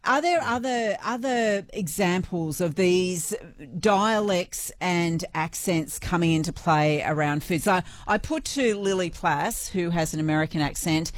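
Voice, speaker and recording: A woman hosting a radio show, asking lively, teasing questions. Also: fairly low pitch, unhurried, few pauses, no room sound. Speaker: radio host. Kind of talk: casual radio chat.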